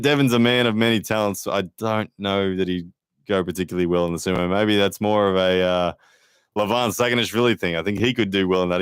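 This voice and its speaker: A man's voice: on the low side, smooth, dry recording, studio quality. A man hosting a casual live stream, chatting to viewers and reading out their comments with frequent fillers. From Australia. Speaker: livestream host and arm wrestler.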